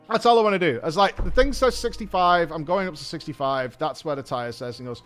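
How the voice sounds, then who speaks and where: A man's voice: high-pitched, fast talker, few pauses. A man, a streamer host, telling a story in casual chat, swearing and imitating people he met. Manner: animated, swearing, mimics people in his story. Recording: faint music underneath.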